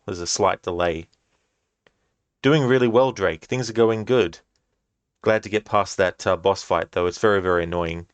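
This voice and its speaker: A man streaming a game live, reading and answering chat in a relaxed, chatty way and laughing often. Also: deep voice, dry recording.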